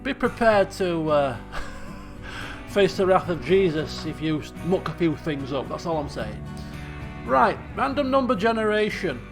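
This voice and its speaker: A man's voice: high voice, very animated, unhurried, music in the background. A man streaming a colony sim game live, chatty and thinking aloud while talking to his chat. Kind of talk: casual live game commentary.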